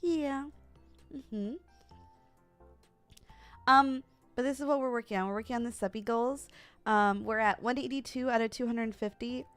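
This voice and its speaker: Speaking at a moderate pace with long pauses, a young female streamer talks directly to her chat, casual, animated and frequently laughing. Her voice is a little high, with a clear, resonant tone, over soft background music.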